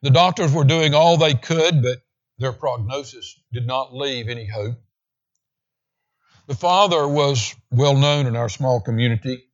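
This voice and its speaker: A man preaching a sermon with emphasis, slowing down to read scripture aloud. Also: medium pitch, muffled recording. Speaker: pastor.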